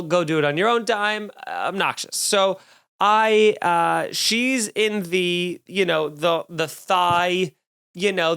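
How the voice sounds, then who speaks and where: A man's voice: sits high, a bit bright, clean tone. A young man hosting his own comedy podcast alone, ranting in a sarcastic, rambling, self-deprecating way. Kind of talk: solo comedic rant. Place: home studio, drinking while recording.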